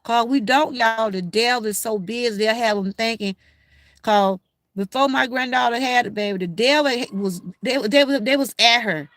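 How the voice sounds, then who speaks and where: An older woman with a Georgia Southern accent talks casually and straight to her livestream viewers. Her voice is bright and sits a little high. The sound is dry and close to the mic. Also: normal speed, dry recording. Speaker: livestream host.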